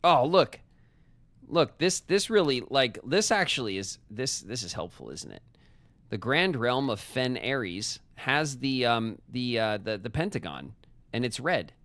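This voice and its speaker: A man streams a puzzle game, chatting loosely with his viewers and himself and tossing in jokey asides as he works out the clues. His voice is medium-pitched and sing-song, with a measured pace and a slightly bright tone, recorded dry.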